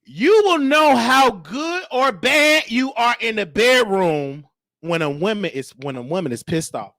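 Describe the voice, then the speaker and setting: High bright-voiced guy, telling wild family stories, dry close mic. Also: measured pace, no echo. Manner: animated, acts out quotes, frequent laughter. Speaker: host. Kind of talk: storytelling monologue.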